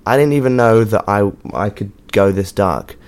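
An English man with a somewhat low voice talks off the cuff as host of his own show. He rambles from one thought to the next, swears freely and fills the gaps with ums and likes. His tone is joking and loose, a one-person chat. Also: moderate pace, a little mellow. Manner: rambling, sweary, jokey, with frequent fillers. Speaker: podcast host and touring musician. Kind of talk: casual monologue. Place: hotel room.

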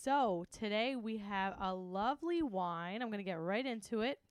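A woman co-hosting a casual podcast, chatty and playful, laughing easily with quick asides. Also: mid-range voice, lively intonation, clean tone, no room sound, clean studio sound. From Greek heritage, US. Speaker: podcast co-host. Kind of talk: casual chat.

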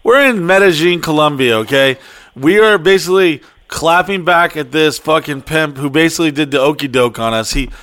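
A brash young man with a slightly high voice, cursing freely as he chats. He talks with hype and swagger among friends. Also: normal speed, a bit bright. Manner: brash, profane, hyped-up. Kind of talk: casual storytelling chat.

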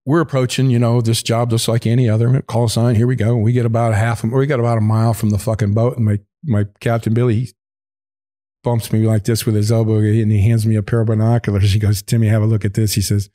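A man's voice: fairly low pitch, flat delivery, fairly quick, mellow. A man telling a long story in casual conversation, rambling and swearing freely, laughing as he talks. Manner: rambling, profane, laughs mid-sentence. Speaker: podcast guest.

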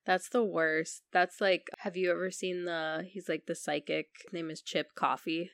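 A woman's voice: on the low side, normal speed, clean tone, dry recording, studio quality. A woman co-hosting a podcast in casual chat, telling stories and acting out quotes. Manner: animated storytelling with acted-out quotes. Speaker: podcast co-host.

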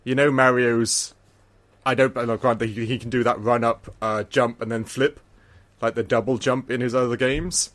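A man's voice: medium pitch, fairly even intonation, normal speed, fairly bright tone. Man, podcast co-host, casual chat, rambling, restarts a lot, laughs easily.

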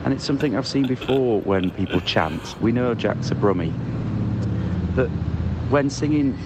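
A man with a very low voice sends a wry, measured voice note from a city square. Traffic and street noise sit clearly behind him in this outdoor phone recording. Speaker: podcast co-host.

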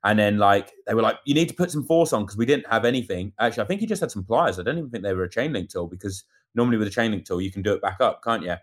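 A man casually telling a lively story about a bike race, acting out what people said. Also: on the low side, rapid-fire. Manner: animated storyteller acting out quotes. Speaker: amateur cyclist recounting a race. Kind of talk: casual chat.

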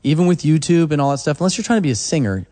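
A man's voice: on the high side, rapid-fire. A man, a songwriter guest, telling stories in a casual interview and acting out what people said to him. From Oklahoma. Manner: animated storyteller, acts out quotes.

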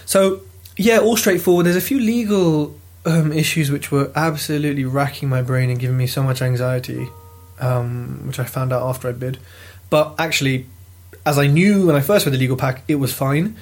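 A British man telling a property auction story in a lively, casual vlog, swearing freely as he goes. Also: mid-range voice, normal speed, faint music behind. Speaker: property investor vlogger. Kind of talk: casual chat.

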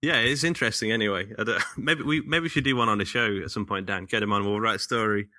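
A British podcast host who chats casually and laughs easily. His voice is a little low but very bright and forceful, recorded dry and close. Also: fast talker, no room sound.

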